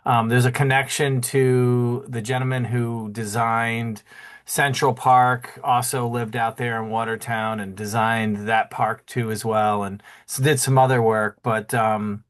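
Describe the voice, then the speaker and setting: Podcast host guy, easygoing, middle pitch, lots of yeah and mm-hmm. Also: a little slow. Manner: relaxed, short backchannel replies. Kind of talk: casual chat.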